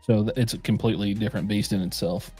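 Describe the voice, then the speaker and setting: A man's voice: lowish voice, fairly even intonation, fast, dark tone, breathy edge, soft background music. A man co-hosting a casual live bourbon stream, loose and jokey with a lot of swearing. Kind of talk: casual livestream chat.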